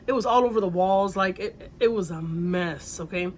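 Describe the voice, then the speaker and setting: A woman casually telling a story at a middle pitch, rambling along and doubling back on her words. She drops a mild curse here and there. Faint noise sits under her voice. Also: normal speed. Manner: rambling, repeats herself, mild swearing.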